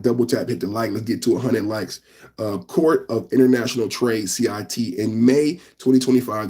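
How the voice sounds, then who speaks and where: Husky-voiced man hosting a live stream. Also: medium pitch, warm tone. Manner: rambling, talks straight to the live chat; repeats phrases and stacks filler "man". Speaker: podcast host. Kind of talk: live news reaction stream.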